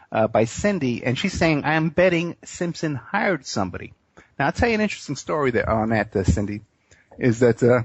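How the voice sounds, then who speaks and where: A man's voice: mid-range voice, breathy edge, no room sound. Rambling male radio host. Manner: rambling storyteller, frequent fillers. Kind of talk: casual radio talk. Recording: muffled dry radio audio.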